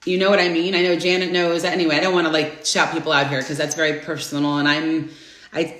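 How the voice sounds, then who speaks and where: A woman's voice: low voice, fast talker. Roomy-sounding woman in her forties, chatty. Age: 40s. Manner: effusive, greets viewers by name with bursts of excitement. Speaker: host of a live inspirational stream. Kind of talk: casual live-stream chat. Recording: roomy echo.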